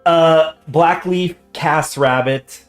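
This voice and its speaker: A man's voice: fairly high pitch, extremely slow. A man hosting a strategy game let's play, reading game text aloud in a chatty way and stumbling over foreign names. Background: faint guitar music.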